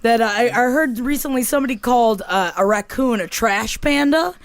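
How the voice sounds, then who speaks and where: A man chatting loosely in a group podcast, hesitant and rambling, then bursting into loud jokes. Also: extremely high pitch, moderate pace, gravelly, no echo. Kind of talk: casual group banter.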